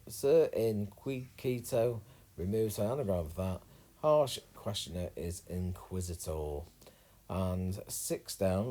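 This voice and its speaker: Relaxed man solving a crossword. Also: low-pitched, rough recording. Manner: relaxed, thinking aloud with many uhs. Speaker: crossword solver. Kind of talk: casual crossword walkthrough.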